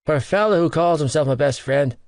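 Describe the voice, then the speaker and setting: A man doing a gruff, snappy teenage jock. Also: on the high side, brisk, darkish tone, no echo, clean studio sound, voice pushed up, lightly acted. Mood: snappish. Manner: gruff, irritable, swearing. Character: grumpy teenage rugby player, male. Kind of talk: audiobook character voice.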